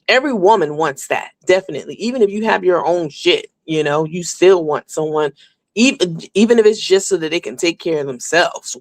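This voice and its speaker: A woman's voice: on the low side, no echo, clean studio sound. A woman hosting a casual celebrity gossip rundown, blunt and candid, with frequent filler words. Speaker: gossip show host.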